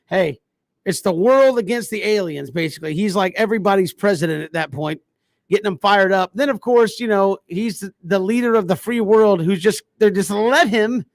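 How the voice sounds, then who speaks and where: A man with a high voice hosts a sports talk show in a brisk, easygoing way. The recording is close and dry, with no room sound. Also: no room sound. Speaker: sports podcast host. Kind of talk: casual sports talk, moving segments along.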